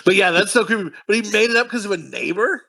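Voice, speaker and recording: Lively high-voiced man, crude and animated. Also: quick pace, creaky. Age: adult, recalls the film from childhood. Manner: animated, swings into mocking voices of movie characters. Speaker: podcast co-host. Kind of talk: crude casual film chat.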